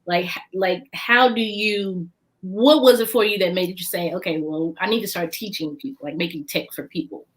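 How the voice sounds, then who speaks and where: A woman's voice: on the low side, normal speed. A woman hosting a live interview, chatty and enthusiastic, who laughs easily. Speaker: host. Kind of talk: casual interview chat.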